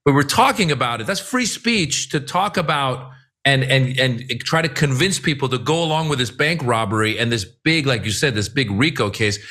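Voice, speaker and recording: A man's voice: mid-range voice, sharp tone. A man co-hosting a political talk show, speaking emphatically and with exasperation, often acting out quotes. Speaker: co-host. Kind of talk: political commentary chat.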